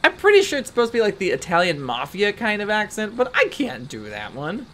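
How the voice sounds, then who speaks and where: A woman's voice: medium pitch, wildly swooping pitch, quick pace, a bit bright, slight background noise. A woman hosting a let's play, giving chatty, rambling and self-mocking commentary over gameplay.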